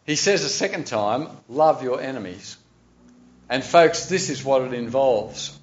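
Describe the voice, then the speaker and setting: Male preacher, earnest, emphatic sermon and prayer, mid-pitched voice, dull lo-fi recording. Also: animated, moderate pace.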